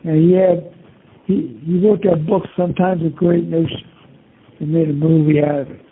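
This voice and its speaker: Older guy, raspy gravelly voice, rambling on with lots of "you know", tinny prison phone line. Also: a little high, level tone, moderate pace. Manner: meandering, peppers talk with "you know" and cursing. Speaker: interviewee. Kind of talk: casual rambling recollection. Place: prison, over a phone call.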